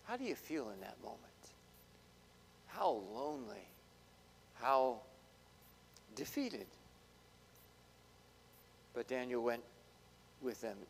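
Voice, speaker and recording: A man preaching a sermon, dramatic, swinging between loud bursts and hushed asides. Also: medium pitch, wildly swooping pitch, slow, gravelly, pauses often, slight background noise. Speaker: pastor. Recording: long hall reverb.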